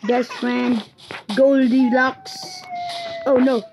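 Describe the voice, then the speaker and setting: A woman giving playful live commentary while gaming, chatty and joking, who bursts into panicked shouting. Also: sits high, little pitch movement, extremely slow, background noise. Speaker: gamer.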